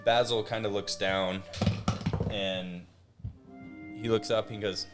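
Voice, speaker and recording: A man's voice: on the low side, steady tone, slow, pauses often, music in the background. A man narrating a tabletop game as game master, casual and full of restarts. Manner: casual, many fillers and restarts.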